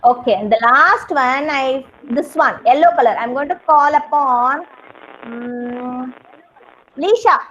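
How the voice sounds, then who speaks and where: A woman teaching a kindergarten class online, her voice high and bright for the children. She talks in an exaggerated, sing-song manner. The sound is dull and lo-fi, as from a laptop microphone on a video call. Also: takes it slowly, a little hiss or hum.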